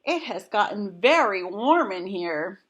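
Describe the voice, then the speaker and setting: A woman's voice: medium pitch, very animated, slow, fairly bright tone, slightly rough, highs cut off, exaggerated voice. A woman voicing a dry, teasing man of the house in a storybook read-aloud. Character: gruff, joking middle-aged man of the house.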